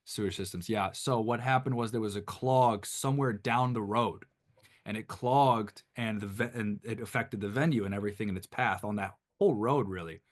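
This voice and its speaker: A man from Detroit, USA, appears on a podcast as a band guest, telling an anecdote in a casual, rambling, animated way with lots of restarts. His voice is lowish and his pace moderate.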